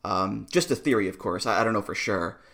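A man's voice: fairly low pitch, a little fast, fairly bright tone. A man co-hosting a podcast, chatting casually and with amusement, laughing often and restarting his sentences. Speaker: podcast co-host. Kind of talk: casual review chat.

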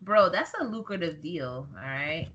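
A woman's voice: low-pitched, animated, a little slow, a bit bright, a little hiss or hum, rough recording. A woman co-hosting a casual podcast chat, joking around, swearing freely and laughing often. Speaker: podcast co-host.

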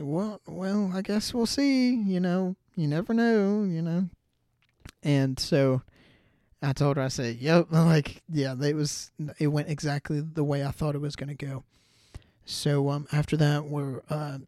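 Animated young man telling a story. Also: fairly high pitch, no room sound, studio quality. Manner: rambling, many fillers and restarts; animated, acts out his own reactions. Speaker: podcast host. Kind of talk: casual storytelling.

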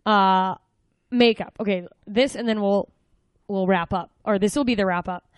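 A woman hosting a podcast, asking quick, chatty follow-up questions in a casual interview. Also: medium pitch, clean tone, no echo. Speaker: podcast host.

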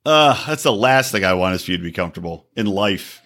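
A man's voice: lowish voice, lively intonation, fast, a bit bright. A man hosting a podcast, telling profane stories and teasing his co-host, laughing often. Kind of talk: crude casual banter.

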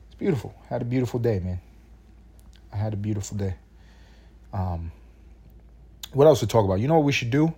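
Male podcast host, lowish voice, casual profane rants from bed. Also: fairly quick, pauses often, husky. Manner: profane, rambling, animated. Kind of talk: solo casual podcast rant. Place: in his bed at home.

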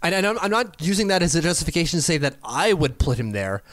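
A man's voice: a little high, very animated, quick pace, fairly bright tone, dry recording. Chatty man talking hockey, dry sound. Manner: chatty, self-correcting, laughs easily. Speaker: podcast co-host. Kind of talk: casual hockey chat.

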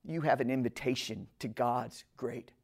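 A woman's voice: very deep voice, darkish tone. Earnest woman preaching a sermon. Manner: earnest, emphatic, slows down on key phrases; direct address to listeners.

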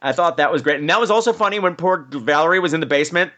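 A man hosting a casual, joking movie-review podcast, animated and quick to laugh. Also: a little high. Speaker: podcast host.

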